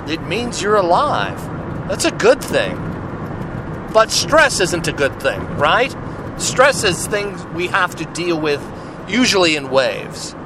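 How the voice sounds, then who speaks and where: A man's voice: fairly high pitch, background noise. A man hosting a solo podcast, talking in a rambling, chatty way and often checking in with "right?". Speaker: podcast host. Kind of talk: casual solo podcast talk.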